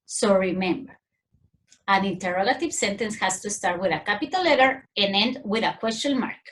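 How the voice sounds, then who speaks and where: A woman with a Mexican accent teaching a grammar lesson to young children, in a clear, sing-song teacherly way. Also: mid-range voice, normal speed, a bit bright, a little hiss or hum.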